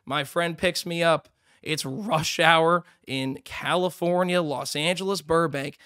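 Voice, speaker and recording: A young man streaming live, telling a long story in a rambling, excitable way, swearing and acting out other people's lines. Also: a little high, measured pace, no echo, clean studio sound.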